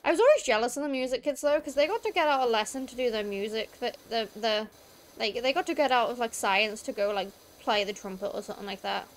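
A woman's voice: a little high, quick pace, a little hiss or hum. A young British woman streaming a game, rambling through school stories in a chatty way, full of "like" fillers. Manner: rambling storytelling with many "like" fillers. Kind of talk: casual chat while gaming.

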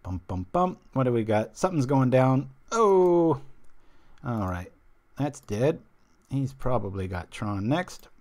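A male stream host talking through a card game in an easygoing, wandering way, drifting off topic and circling back. His voice sits at an ordinary middle pitch, and he keeps a relaxed, conversational flow. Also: a little slow. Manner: chatty, rambling, loses his train of thought; reads viewer chat aloud. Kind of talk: casual card game commentary.

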